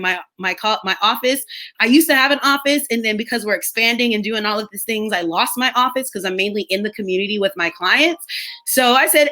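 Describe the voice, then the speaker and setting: Woman, young adult, live stream host, casual chat, bright tone, slightly high, laughs often. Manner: chatty, laughs often, drifts between topics while reading chat.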